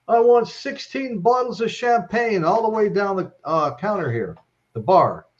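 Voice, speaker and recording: A man's voice: high voice, lively intonation, unhurried, muffled recording, voice pushed up. A man doing a drunk, boisterous drummer.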